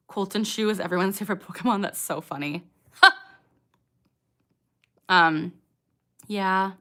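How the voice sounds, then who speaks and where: Reading out chat questions on her late-night livestream, this young host replies chattily, giggling and using lots of fillers. She speaks in a mid-range voice with a bright, forceful tone.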